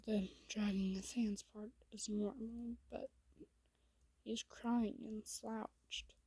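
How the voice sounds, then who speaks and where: Woman storyteller, whispered role-play; breathy, slow, flat delivery. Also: on the high side, no room sound, poor audio. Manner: soft, hushed and slow, with small slips.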